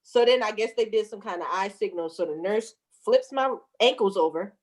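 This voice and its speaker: A woman in her thirties relates a birth story with plenty of laughter and swearing. Her voice is mid-range and her pace is moderate, and she performs the quotes by doing every voice herself.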